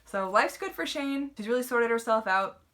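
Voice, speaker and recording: A woman's voice: fairly high pitch, animated, moderate pace, fairly bright tone. A woman giving a casual, chatty book review, retelling the plot with lots of "like" and fillers.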